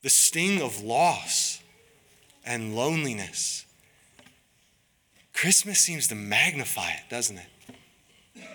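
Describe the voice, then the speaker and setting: Slow, bright-voiced preaching man in a hall. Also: mid-range voice, sing-song. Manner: earnest, pleading, deliberate preaching. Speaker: pastor. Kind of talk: sermon. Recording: long reverb of a large hall.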